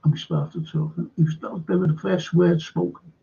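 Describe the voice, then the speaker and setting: A man hosting a live-streamed show, telling a rambling story in a halting way and repeating words for emphasis. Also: on the high side, little pitch movement, gravelly, mellow, breathy edge, lo-fi sound. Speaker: host of a live-streamed current affairs show. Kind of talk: casual rambling storytelling to viewers.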